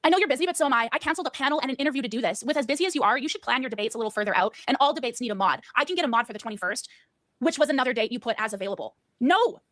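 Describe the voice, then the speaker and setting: A woman streamer ranting angrily, profanely and fast about a cancelled debate. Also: on the high side, expressive, a bit bright, no echo, clean studio sound. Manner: angry, profane, rapid-fire. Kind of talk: heated rant.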